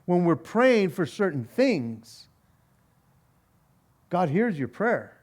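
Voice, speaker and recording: A man's voice: high voice, sing-song, slow pace. A male pastor giving a conversational Bible study. He reads scripture aloud, then explains it with wry sarcasm, chuckling and repeating words as he goes.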